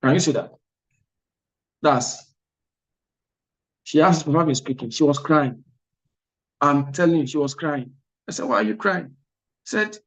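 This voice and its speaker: A man with a slightly high voice speaks slowly and animatedly, leaving long pauses. As an exam prep tutor giving a motivational class talk, he's emphatic and repetitive, often checking in with "are you with me?"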